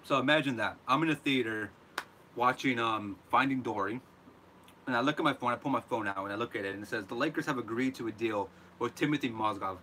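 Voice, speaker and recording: A man hosting a live reaction show, ranting in an animated, exasperated way. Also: mid-range voice, quick pace, a little hiss or hum. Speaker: host.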